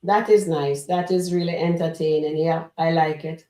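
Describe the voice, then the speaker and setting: A woman's voice: sits low, steady tone, moderate pace, mellow, echoey room. A woman hosting a live reaction stream, chatting casually and speaking straight to her viewers. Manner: chatty, addresses the chat directly.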